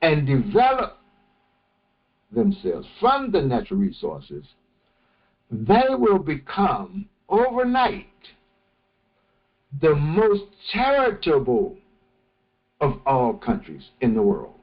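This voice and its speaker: A man teaching a morning religious session, speaking slowly and deliberately and often restarting his phrases. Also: fairly high pitch, huge pitch swings, muffled recording. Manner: slow, deliberate, with many restarts. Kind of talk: morning lecture.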